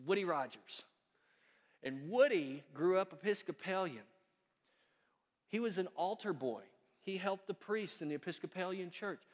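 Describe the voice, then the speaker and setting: A man preaching a sermon as pastor in a church sanctuary, folksy and storytelling, growing quiet and earnest. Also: on the high side. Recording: long reverb of a church hall.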